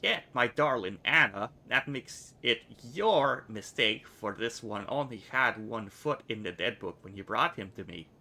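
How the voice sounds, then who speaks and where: A man voicing a sly, crippled older fixer in a video game, mock-courteous and quietly dangerous. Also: medium pitch, expressive, measured pace, hardly any pauses, heavily acted.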